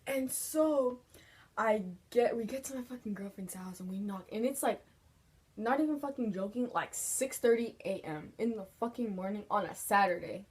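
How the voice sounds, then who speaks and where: A woman's voice: mid-range voice, lively intonation, moderate pace, husky. Frank young woman telling a story. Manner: frank, swears a lot, fillers like 'like'. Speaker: vlogger. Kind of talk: casual storytelling.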